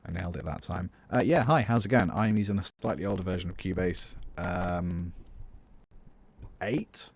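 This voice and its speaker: Speaking at a normal speed in a low voice with no echo, this man from the UK teaches music on a live stream. He talks casually through a composition tutorial, musing aloud and fielding viewer questions between steps.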